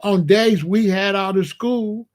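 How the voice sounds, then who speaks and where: A man in his late sixties, working as a show host, speaks slowly in a high-pitched voice. He delivers a casual storytelling monologue about his family, boastful and streetwise, with heavy use of slang.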